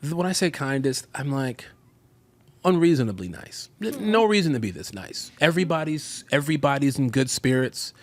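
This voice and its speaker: A man in his forties from Chicago, talking as a guest in a casual interview. His voice sits at an ordinary middle pitch. He tells his stories in an animated way, acting out the quotes and laughing often. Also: moderate pace, no room sound. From Chicago, USA. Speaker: guest actor.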